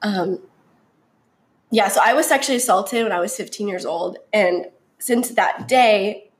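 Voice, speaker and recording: A young woman chatting openly about her story, full of fillers, sometimes bubbly and sometimes quiet. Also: mid-range voice, measured pace. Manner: chatty, many fillers, shifts from bubbly to subdued. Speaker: guest sharing her story. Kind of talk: casual heartfelt conversation.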